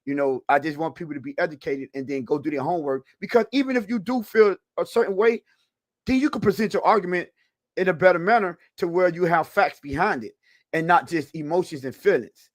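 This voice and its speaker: A man's voice: on the high side, a little fast, no echo. A man co-hosting a live-streamed football talk show, chatting loosely with viewers and laughing often. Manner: loose, rambling, with restarts. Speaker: podcast co-host on a live stream. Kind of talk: casual live-stream chat.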